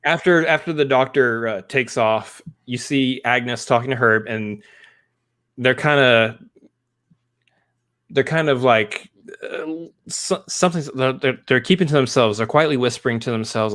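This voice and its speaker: Animated man chatting casually. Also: mid-range voice. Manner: animated retelling with quick acted-out quotes. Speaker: co-host. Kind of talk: casual review chat.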